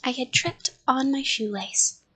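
A woman reading a spooky storybook aloud, hushed and often slipping into whispers, pausing to ask her listeners whether to go on. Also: high voice, breathy edge, poor audio. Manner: chats with listeners between parts.

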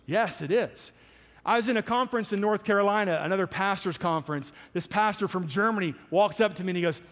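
A man's voice: high voice, a little fast, in a large hall. A man preaching a sermon as pastor, telling stories and acting out the people in them. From United States. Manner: storytelling, acting out quotes in animated voices.

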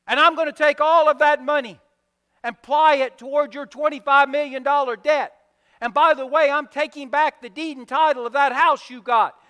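A man voicing a stern, demanding king who rattles off threats in rapid bursts, with long hall reverb. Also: very high voice, fairly even intonation, bright, forceful tone, voice pushed up. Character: stern demanding wealthy king, male, adult.

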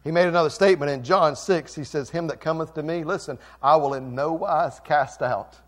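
Male pastor, fairly high voice, fervent sermon delivery that rises and drops in volume. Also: brisk. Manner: impassioned preaching, swinging from quiet to loud. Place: church sanctuary.

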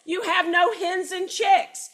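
A woman's voice: very high-pitched, fairly even intonation, takes it slowly, a bit bright, voice pushed up, heavily acted. A woman voicing a grumpy, threatening male village mayor in a read-aloud children's story, snapping and exasperated. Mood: menacing.

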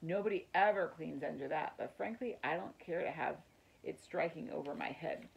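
A woman voicing a small, eager male mouse in a children's storybook, talking with quick excitement. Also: deep voice, creaky, a little hiss or hum, rough recording.

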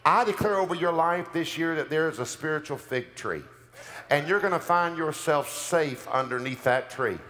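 A man preaching a sermon as pastor, calling out declarations for the congregation to repeat and rising to shouts, in a church sanctuary with music behind him. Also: a little high, expressive, normal speed. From United States. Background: music playing under the preaching.

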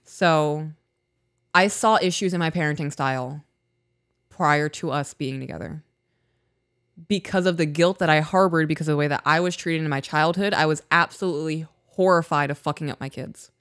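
A woman's voice: low-pitched, normal speed, a bit bright, no room sound, studio quality. A woman co-hosting a relationship podcast, reading listener emails and talking candidly about parenting. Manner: candid, self-reflective, agreeable with many backchannels. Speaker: podcast co-host.

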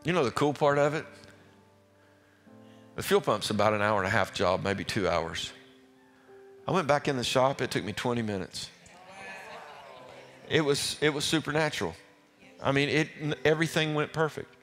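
Pastor, male, mid-pitched, chatty and animated, restarts his words; recorded in a reverberant church hall. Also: normal speed, long pauses. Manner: folksy, animated storyteller who stumbles and repeats words. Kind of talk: storytelling testimony to a congregation. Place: church sanctuary. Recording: reverberant hall with faint music.

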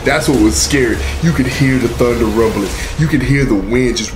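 Brief: young male storyteller, mid-pitched, slangy and profane, music underneath. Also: moderate pace. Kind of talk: comedic storytelling.

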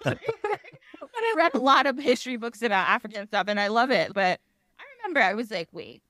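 A woman talking as a podcast guest in casual chat, rambling and animated, often laughing and acting out quoted voices. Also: fairly high pitch, normal speed, dry recording, clean studio sound.

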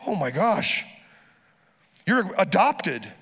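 A pastor delivering a lively sermon, urging the congregation to repeat phrases after him. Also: male voice, high-pitched, drawn-out words, gravelly, breathy edge, long reverb tail.

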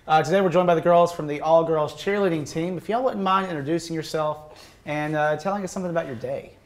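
A man's voice: a little high, quick pace. A young man hosts a casual student game show. His delivery is playful and loose, with frequent laughter between the questions. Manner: playful, jokey, laughs often.

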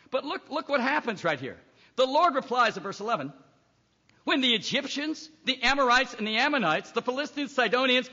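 A man preaching in a big echoing hall, his voice sitting very high and sounding bright and forceful. He reads scripture aloud and drives his points home with emphatic, acted-out lines. The recording is dull and lo-fi. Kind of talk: sermon.

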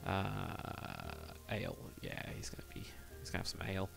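Male streamer with a gravelly, fry-heavy voice; rambling thinking-aloud delivery, answers viewer chat. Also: deep voice, sing-song, moderate pace, music in the background. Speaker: live streamer. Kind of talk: casual live stream chat while building in a game.

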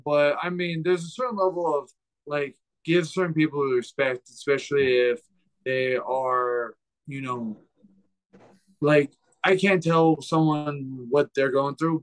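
A man who is a fighter, a guest on a casual podcast, who talks slowly and searches for his words. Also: fairly high pitch, fairly bright tone, smooth, poor audio.

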